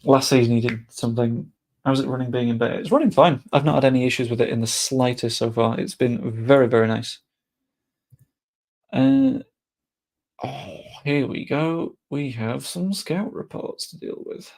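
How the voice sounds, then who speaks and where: A man's voice: mid-range voice, expressive, normal speed, creaky, darkish tone. A young man giving casual, chatty commentary while playing a game, muttering to himself and swearing offhand. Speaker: gaming streamer.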